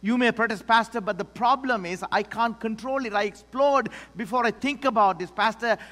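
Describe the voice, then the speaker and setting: A man preaching a sermon as pastor, swinging between loud declarations and hushed asides. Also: extremely high pitch, moderate pace. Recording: long hall reverb.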